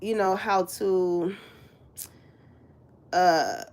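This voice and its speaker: A woman's voice: fairly low pitch, very slow, gravelly, a little mellow. A woman giving a casual, chatty spiritual reading to her viewers, laughing often and swearing freely. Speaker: spiritual reader.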